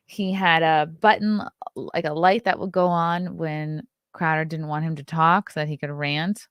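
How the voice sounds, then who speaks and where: A woman with a Long Island accent hosts a casual morning livestream, reading news and tossing off blunt, sarcastic asides. Her voice sits a little low, and the sound is dry and close with no room around it. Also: no room sound. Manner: blunt, sarcastic, reads headlines aloud and riffs on them. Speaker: host.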